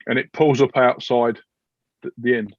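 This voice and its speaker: A man narrating as game master of a tabletop game, halting with many fillers. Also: mid-range voice, level tone, no echo. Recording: dull dry recording.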